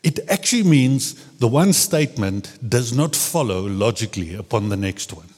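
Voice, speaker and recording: A man's voice: mid-range voice, expressive, moderate pace, darkish tone. A man preaching a sermon in a casual, searching way, often repeating words as he restarts. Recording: long reverb of a large hall.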